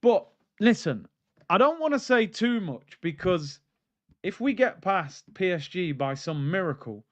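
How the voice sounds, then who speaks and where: Animated football streamer, dry sound. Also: male voice, high-pitched, measured pace, no room sound. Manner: animated, rants and reads out chat comments. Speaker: football channel host. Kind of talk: live-stream fan commentary. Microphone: streaming mic.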